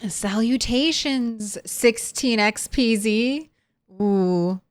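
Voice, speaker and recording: A woman's voice: mid-range voice, a little slow, fairly bright tone, clean tone, no room sound. A young woman streaming a zombie survival game, chatting casually with viewers and laughing often. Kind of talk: casual gameplay commentary.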